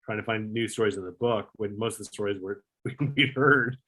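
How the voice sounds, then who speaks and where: A former talk show producer with a fairly low, husky voice tells a long backstage story at a fairly quick clip. His retelling is casual, rambling and animated, packed with fillers and some swearing.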